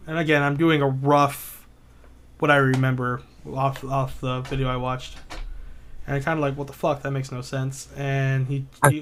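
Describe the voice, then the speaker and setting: A man's voice: medium pitch, a bit bright, a little hiss or hum. A man co-hosting a podcast in casual chat, rambling through a retold story with lots of swearing and filler words. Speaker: podcast co-host.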